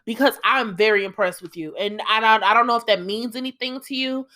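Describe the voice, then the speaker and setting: A woman's voice: fairly high pitch, a little fast, bright, forceful tone. Heated, profane young woman podcast host. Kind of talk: solo podcast rant.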